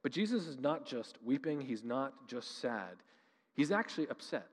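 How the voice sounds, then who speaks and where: A man's voice: mid-range voice, very animated. Impassioned male pastor in a reverberant hall. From Canada. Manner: impassioned, swings between loud emphasis and quiet slow lines. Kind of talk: sermon. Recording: long reverb of a large hall.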